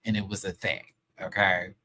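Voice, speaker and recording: A man's voice: low-pitched, level tone, moderate pace, sharp tone, a little hiss or hum. A man hosting a live review show, ranting in a sassy, heated and profane way full of slang. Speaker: show host reviewing a TV episode.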